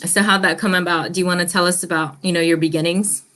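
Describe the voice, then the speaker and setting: A woman hosting a live interview, relaxed and laughing along with her guest. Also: lowish voice, quick pace. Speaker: host.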